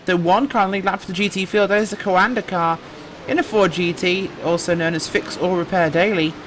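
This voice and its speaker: A man's voice: high-pitched, steady tone, a little fast. Man, sim race commentator, dry banter, headset mic, faint background noise. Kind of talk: live sim racing commentary.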